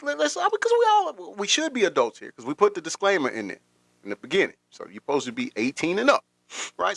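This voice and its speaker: A man's voice: high-pitched, gravelly, fairly bright tone, no echo. A man hosting a casual livestream, rambling through commentary with repeated words and frequent laughter. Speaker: livestream host.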